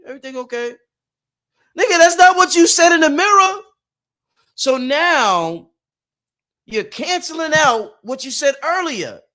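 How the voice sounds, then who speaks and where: A man with a strikingly high-pitched voice delivers a preachy motivational talk about spirituality. He hammers his points home, repeating phrases and swearing freely as he builds them up. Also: fairly bright tone. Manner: emphatic, repetitive, preachy, profane. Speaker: podcast host.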